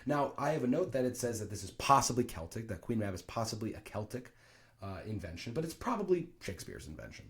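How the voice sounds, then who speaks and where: Guy with a lowish voice walking you through a play, super animated, lots of ums and asides. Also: fast. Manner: animated, thinking aloud with fillers and asides. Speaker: teacher explaining Shakespeare. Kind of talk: casual explanatory lesson.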